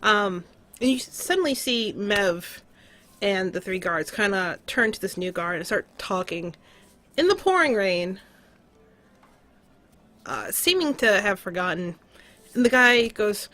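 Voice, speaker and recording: A woman's voice: medium pitch, lively intonation, a little slow, fairly bright tone. A woman narrating as game master of a tabletop game, casual and loose, with frequent fillers.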